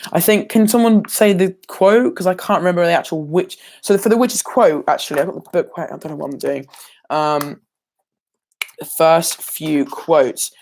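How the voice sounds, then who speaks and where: A man's voice: a little high, moderate pace, creaky, a little mellow. A teenage boy revising for an exam on a casual livestream, rambling and hesitant, full of ums and self-corrections. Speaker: student sharing exam revision.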